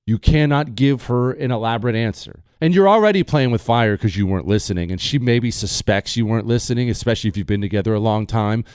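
Joking talk radio host man, lively delivery. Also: mid-range voice, quick pace, few pauses, smooth, dry recording, clean studio sound. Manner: joking and emphatic, addressing listeners directly. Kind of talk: casual talk radio monologue.

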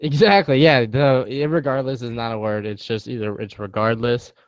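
A man's voice: mid-range voice, normal speed, no room sound. A young man co-hosting a casual chat, laid-back and slangy, telling stories.

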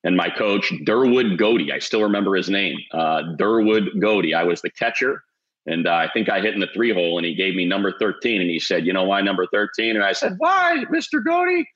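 A man's voice: low voice, brisk, a bit bright. A man from Illinois co-hosting a sports radio show, telling stories in casual chat. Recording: dull lo-fi sound.

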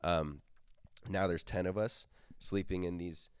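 A young man hosting a podcast in casual chat, telling stories with frequent laughs and loud acted-out quotes. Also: low voice, fairly even intonation, a little slow, clean tone, dry recording, clean studio sound. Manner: laughs often, acts out quotes loudly. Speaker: podcast host.

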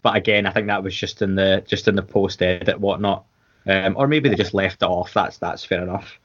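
A Scottish man with a lowish voice chats casually as a podcast co-host, rambling along with restarts and plenty of fillers. The audio is a little dull and lo-fi. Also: fairly even intonation, fairly quick. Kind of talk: casual watchalong chat.

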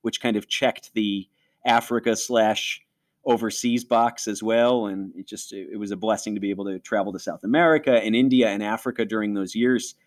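A man in his forties, originally from Western New York, telling his own story in an interview. He speaks in a somewhat low voice, earnest and reflective. He often slips into his own past thoughts as he tells it. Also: steady tone, normal speed. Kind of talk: personal testimony in interview.

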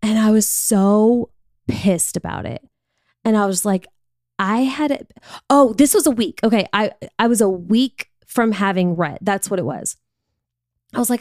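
A woman's voice: medium pitch, measured pace, a little mellow, no room sound, studio quality. A woman hosting a podcast, telling a personal story in a frank, confessional, conversational way. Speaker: podcast host.

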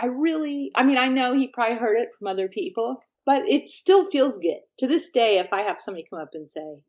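A middle-aged woman musician from Texas, chatting as an interview guest and telling lively stories, acting out quotes and laughing often. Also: on the high side, quick pace. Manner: animated storyteller, laughs often, acts out quotes. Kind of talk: casual interview chat.

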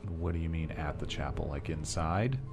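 A man's voice: rumbling low, moderate pace, over music. A man playing a tabletop role-playing game, speaking as his character in a casual, wry way. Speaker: player.

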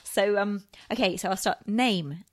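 A woman's voice: medium pitch, dry recording, clean studio sound. A woman hosting a podcast interview, asking questions casually and praising her guest with enthusiasm. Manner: warmly enthusiastic, quick to praise. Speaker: podcast host.

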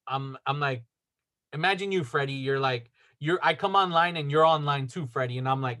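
A man's voice: medium pitch, lively intonation, a little fast, sharp tone. A man telling a story in casual chat, rambling with lots of fillers and acting out the dialogue. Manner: rambling, filler-heavy, acts out quoted dialogue. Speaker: podcast storyteller.

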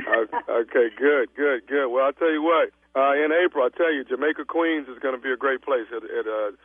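A man on a phone call posing as a travel agent, calm but stammering and stubborn. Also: mid-range voice, fairly quick, husky, no echo. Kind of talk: radio prank call. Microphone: telephone. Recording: tinny dry phone line.

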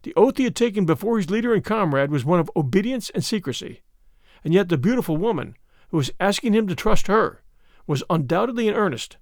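Man narrating an old novel, lively up-and-down voice, kinda gravelly, dry. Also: high-pitched, fairly quick, dry recording. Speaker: audiobook reader. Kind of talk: scripted narration.

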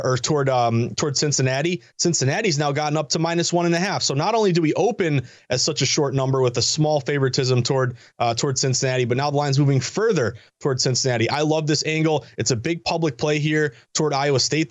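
A man talking as a sports betting analyst guest in quick, energetic, chatty sports betting banter. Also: fairly high pitch, no room sound. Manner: fast, energetic, chatty delivery. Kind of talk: casual sports betting talk.

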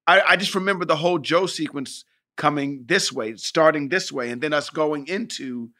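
A man's voice: fairly high pitch, normal speed, bright, forceful tone. A man co-hosting a casual podcast chat who jokes, teases his co-host and swears casually. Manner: joking, teasing, swears casually.

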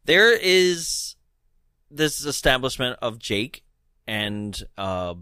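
A man's voice: medium pitch, sing-song, drawn-out words, pushed and bright, clear, resonant tone, dry recording, clean studio sound. A man co-hosting a podcast, chatting casually in a rambling, hesitant way with lots of fillers. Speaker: podcast co-host. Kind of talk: casual chat.

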